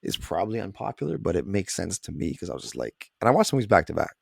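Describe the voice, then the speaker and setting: A man co-hosting a podcast, giving his film opinions in quick, animated casual chat. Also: deep voice, gravelly, breathy edge, no echo, clean studio sound. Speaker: podcast co-host.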